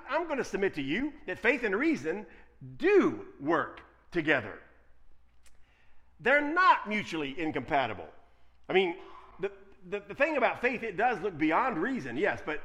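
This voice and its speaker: Animated, bright-voiced male preacher. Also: fairly high pitch. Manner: animated preaching, swings between quiet asides and loud emphasis. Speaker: pastor. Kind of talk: sermon.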